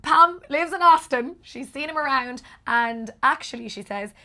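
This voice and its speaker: Chatty Irish woman co-host, slightly high. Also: moderate pace, bright, forceful tone. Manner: chatty, mixing Irish and English, self-mocking. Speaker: podcast co-host. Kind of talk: casual bilingual chat.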